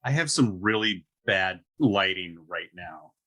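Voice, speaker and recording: Bright-voiced joking man. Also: deep voice, animated, unhurried. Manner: joking, self-deprecating. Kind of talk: casual chat.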